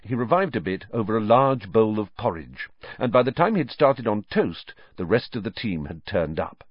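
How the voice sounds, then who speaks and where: Expressive male audiobook narrator, lowish voice, lively melody; dry, dull lo-fi recording. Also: moderate pace, slightly rough, no room sound. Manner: expressive storytelling reading. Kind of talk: scripted narration.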